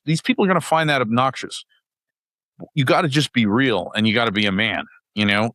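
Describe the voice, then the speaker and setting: Heard first is a middle-aged man from West Virginia spinning a casual podcast anecdote with a crude, lively edge. His pitch leaps and drops as he mimics roaring crowds. The sound is close and dry, with no room around it. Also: no room sound. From West Virginia, USA. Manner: animated storyteller, crude, swings pitch acting out crowds. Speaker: guest.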